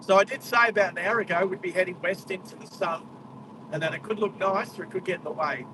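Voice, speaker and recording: A man's voice: sits high, fast. An Australian man hosting a live driving stream, chatting casually and calling out wildlife as he drives through the country. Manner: chatty, exclaims at wildlife, talks to live chat. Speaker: driving livestream host. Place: inside a moving car on a country road. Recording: distant car mic with road noise.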